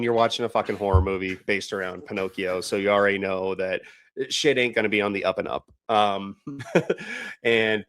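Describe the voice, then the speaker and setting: A man's voice: lowish voice, dry recording. A man co-hosting a podcast, chatting casually and swearing freely. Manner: laid-back, swears freely. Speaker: podcast co-host. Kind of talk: casual chat.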